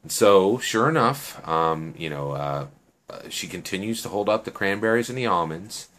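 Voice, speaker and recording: A man's voice: low-pitched, lively intonation, normal speed, fairly bright tone. A man telling a story casually, rambling with fillers and asking "right?" often.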